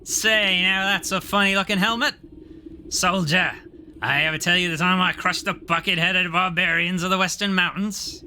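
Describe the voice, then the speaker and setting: A man's voice: high voice, fairly even intonation, moderate pace, bright, forceful tone, a little hiss or hum, voice pushed up, heavily acted. A man voicing a large, ferocious, boastful drunken soldier captain who bellows his boasts and orders. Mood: mocking. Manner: bellowing, blustering.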